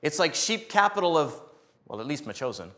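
A man preaching a sermon as a missionary, animated and joking, acting out voices in his stories. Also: fairly high pitch, fairly quick.

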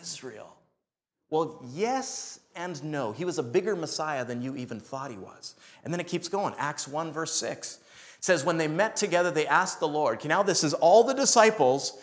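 Animated, fairly high-voiced male preacher. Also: normal speed. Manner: animated, joking, acts out voices in stories. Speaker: preacher and missionary. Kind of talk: sermon.

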